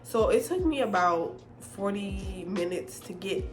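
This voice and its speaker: A woman vlogger tells a dramatic personal story straight to the camera in a casual, animated way. Her voice sits at a medium pitch and jumps higher when she acts out her own lines. She swears freely as she talks. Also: unhurried. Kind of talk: storytime vlog.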